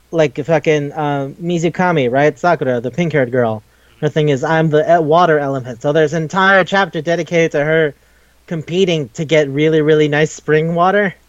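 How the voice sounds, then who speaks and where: A man talking casually on a podcast, rambling along and swearing as he recaps scenes. He drops into brief put-on voices for the characters he quotes. His voice sits at an ordinary pitch, and the recording sounds dry and a little dull. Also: dry recording. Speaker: podcast co-host. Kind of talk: casual chat.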